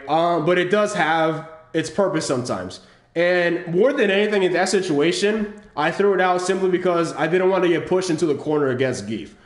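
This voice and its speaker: Male host, slightly raised pitch, roomy sound, talks through gameplay footage in an unpolished, explanatory way. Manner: explanatory, halting with restarts and fillers. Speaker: channel host analyzing his own match. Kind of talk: casual gameplay commentary over footage.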